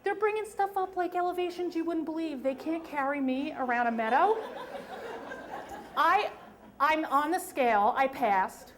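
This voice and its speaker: High-voiced woman telling a funny story. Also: normal speed. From New York. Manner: lively, self-mocking, emphatic. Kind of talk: live story slam telling. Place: stage at a live storytelling event.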